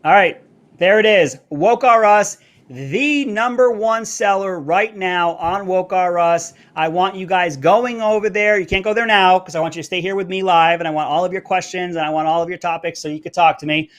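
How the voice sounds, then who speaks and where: A man hosting a live political commentary stream, talking brashly and fast. His voice sits high for a man. He plugs his merch between rants. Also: fairly bright tone. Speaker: show host. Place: Florida.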